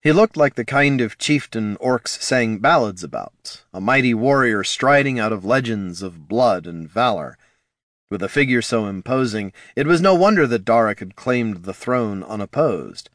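Male narrator, lively intonation, close dry sound, reads a fantasy book. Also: on the low side, unhurried, no room sound. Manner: expressive storytelling. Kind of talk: scripted narration.

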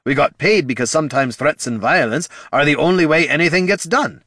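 A man voicing a gruff, battle-hardened male dwarf who talks bluntly and sarcastically. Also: fairly high pitch, fairly quick, sharp tone, dry recording, clean studio sound, voice pushed up, heavily acted.

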